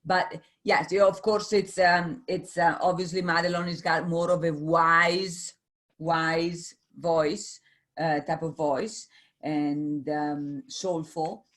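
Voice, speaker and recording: Woman, low voice, meeting host, video call, halting, encouraging. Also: steady tone, fairly bright tone. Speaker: host of online business meeting. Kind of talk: casual video-call chat.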